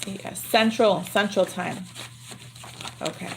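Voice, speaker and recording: A woman doing a livestream tarot reading, talking in a loose, chatty way and often repeating herself under her breath. Cards shuffle clearly in the background. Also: medium pitch, slow pace, a little hiss or hum. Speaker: tarot reader. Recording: card shuffling clearly audible.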